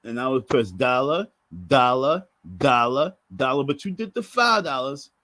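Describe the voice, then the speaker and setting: A man's voice: medium pitch, expressive, unhurried, bright, forceful tone, dry recording. A man ranting to camera in a profane, scolding monologue, hammering his points through repetition. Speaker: vlogger.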